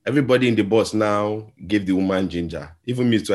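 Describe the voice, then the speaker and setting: A man with a Nigerian accent preaching a sermon as a pastor. He tells stories and acts out the voices in them, moving between quiet and loud. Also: lowish voice, fast. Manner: storytelling, acts out voices in a story, shifts between soft and loud.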